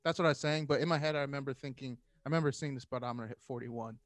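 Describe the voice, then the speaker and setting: A man in his thirties tells a story casually during a podcast chat, speaking at a racing pace and medium pitch on a dry recording. He's an animated storyteller who acts out what people said and laughs often.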